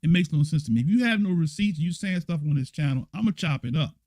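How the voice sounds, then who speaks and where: A man's voice: a little high, animated, fast talker, darkish tone, no room sound. Blunt, emphatic man giving a dry lesson. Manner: emphatic and blunt, repeats himself and keeps asking "right?". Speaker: church elder teaching a lesson. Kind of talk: livestreamed scripture lesson, answering viewer comments.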